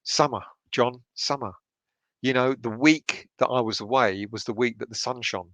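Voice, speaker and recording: A man's voice: mid-range voice, moderate pace, a bit bright, no room sound. A middle-aged man hosts a late-night chat, keeping his voice down and swearing freely as he reads viewer comments. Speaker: fan channel host reading live chat. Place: home at night.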